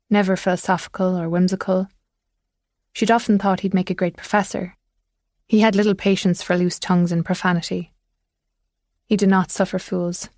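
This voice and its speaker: A woman's voice: on the low side, a little mellow, dry recording, clean studio sound. Woman narrating a thriller audiobook. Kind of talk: scripted narration.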